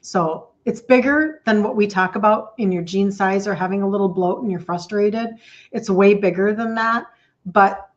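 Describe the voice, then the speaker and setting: A middle-aged woman, a health coach, hosts an emotional livestream talk, speaking emphatically, repeating herself a lot, and greeting viewers by name. Her voice is mid-range at a moderate pace, and the audio has its highs cut off.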